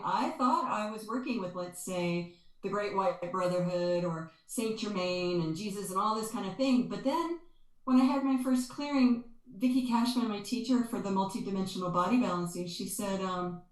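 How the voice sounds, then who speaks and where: Woman, energy healer, interview guest; earnest, expressive, mid pitch, echoey room. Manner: earnest and expressive, stresses words by repeating them. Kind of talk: conversational interview, explaining and storytelling.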